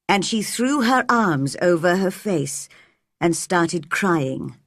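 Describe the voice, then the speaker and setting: A woman reading a graded-reader audiobook for English learners in a clear, measured, expressive way. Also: fairly low pitch, no echo, studio quality. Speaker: audiobook narrator.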